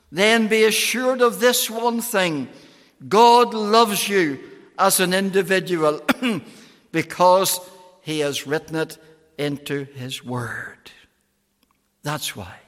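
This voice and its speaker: A man's voice: sits high, fairly bright tone. A man preaching an evangelistic sermon, pleading emphatically with phrases that rise and fall. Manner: slow, emphatic pleading with soaring and falling phrases. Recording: long hall reverb.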